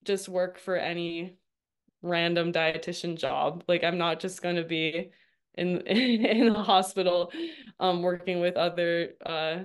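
Smooth-voiced chatty woman guest. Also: fairly low pitch, fairly even intonation, a little slow. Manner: chatty, laughs often, frequent "like" and "um". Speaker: guest, registered dietitian. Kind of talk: casual interview storytelling.

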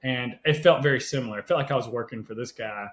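A man telling personal stories as a podcast guest, animated and conversational, often checking in with "right?". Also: medium pitch, fast talker. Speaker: podcast guest, health coach. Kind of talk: casual storytelling interview. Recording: roomy echo.

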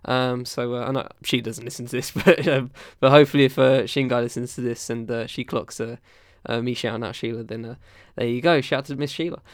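Rambling male host with a smooth, dry voice. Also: medium pitch, fairly even intonation, a little fast, dry recording. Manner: rambling, loose, full of fillers and restarts. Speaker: podcast host reviewing albums. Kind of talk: casual chat.

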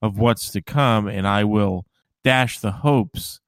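A man's voice: fairly low pitch, slow, smooth, dry recording. A man co-hosting a casual podcast chat, wry and joking, often laughing at his own lines. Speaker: podcast co-host. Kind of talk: casual chat about fantasy baseball.

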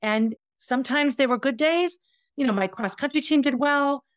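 A woman's voice: high voice, moderate pace, dry recording, studio quality. A middle-aged woman hosting a podcast, telling her own story in a candid, reflective, confessional way. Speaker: podcast host. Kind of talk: personal storytelling.

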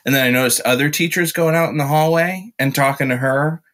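Animated man telling a story. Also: on the high side, brisk. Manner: animated storyteller, slips into voices. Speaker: podcast guest, musician and actor. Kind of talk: casual chat.

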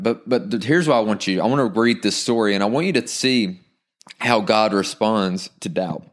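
A young adult man preaching a sermon in a conversational, animated way, reading scripture and acting out quick asides. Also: on the low side. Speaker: pastor.

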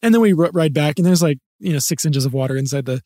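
A young adult man co-hosting a podcast, telling stories in casual chat, animated and acting out the voices of the people he quotes. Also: fairly high pitch, quick pace, no echo, studio quality. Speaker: podcast co-host.

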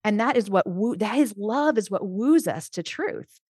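A middle-aged woman talks as a Christian life coach in an earnest, animated way, often breaking off and starting her sentences again. Her pitch sits in the middle of the usual range for a woman. The recording is very dry, with no room sound. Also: normal speed, slightly rough, dry recording. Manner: earnest, animated, with frequent restarts. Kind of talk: casual podcast conversation.

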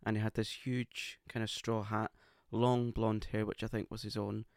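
A man's voice: on the low side, level tone, normal speed, vocal fry, darkish tone, no echo, clean studio sound. A man co-hosting a casual podcast, camp and playfully teasing. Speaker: podcast co-host. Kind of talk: casual chat. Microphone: podcast microphone.

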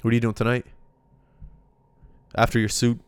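A man's voice: mid-range voice, monotone, normal speed, clean tone, no echo. A young man hosting a casual podcast chat, loose and slangy, on a dry close mic. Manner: laid-back, loose and slangy. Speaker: podcast host.

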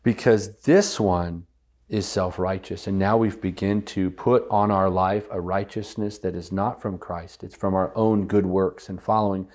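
A man's voice: low-pitched, fairly even intonation, unhurried, darkish tone. A man speaking as a guest on a podcast, earnestly teaching and repeating phrases for weight.

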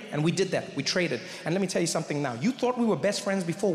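Male stand-up comic, high voice, animated storyteller, echoey theatre with faint crowd. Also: quick pace, hardly any pauses, slight background noise. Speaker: stand-up comedian. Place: large theatre stage. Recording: reverberant theatre with audience.

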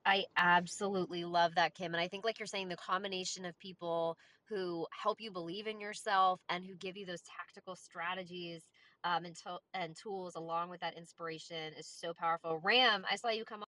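Woman moderator, upbeat and coaxing, bright tense tone, mid pitch. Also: fairly even intonation, moderate pace. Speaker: host. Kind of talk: moderating a live audio room.

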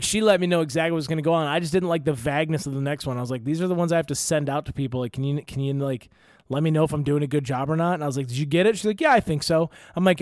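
A man's voice: a little high, no echo, clean studio sound. A young man, a comedian and co-host, telling stories casually and swearing freely. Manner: rambling storyteller, swears freely. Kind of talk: casual chat.

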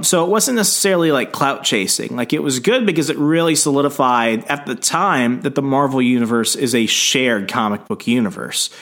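Brief: male podcast co-host, medium voice, thinks aloud in relaxed talk. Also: mid-range voice. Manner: thoughtful, reasoning aloud. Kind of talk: casual chat.

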